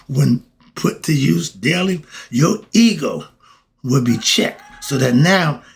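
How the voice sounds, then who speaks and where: Gravelly preachy man with lively pitch. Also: slow pace. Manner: preachy, rhetorical questions, chuckling asides. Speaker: podcast host. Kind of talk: casual monologue.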